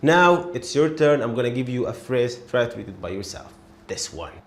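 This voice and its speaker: A man teaching a beginner language lesson, speaking slowly and patiently, sounding out syllables and repeating words so learners can follow. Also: mid-range voice, lively intonation, roomy sound, background noise. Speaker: Arabic teacher.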